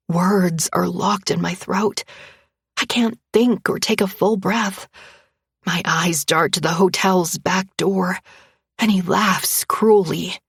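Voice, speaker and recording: A woman reading a first-person romance story aloud in a tense, breathy storytelling manner. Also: fairly low pitch, no echo, studio quality. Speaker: narrator.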